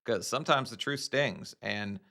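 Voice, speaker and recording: A man hosts a reaction video in a loose, chatty commentary style. His voice sits low but rings bright and forceful. He talks bluntly and leans on fillers like "like". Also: moderate pace, vocal fry. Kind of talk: casual commentary.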